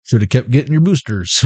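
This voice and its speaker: A man's voice: mid-range voice, darkish tone, no echo. A man giving a casual tarot reading, rambling and cursing as he jokes and laughs at his own lines. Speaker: tarot reader.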